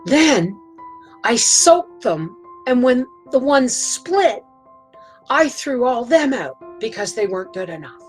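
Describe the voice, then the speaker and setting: A woman's voice: on the high side, very animated, takes it slowly, faint music behind, rough recording. A woman vlogging from her homestead, telling a rambling, emotional story in a folksy, chatty way. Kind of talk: casual storytelling to camera.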